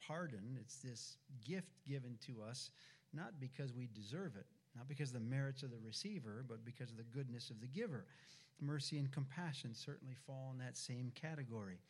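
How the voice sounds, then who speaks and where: A man preaching a sermon in a deliberate, reflective manner. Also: mid-range voice.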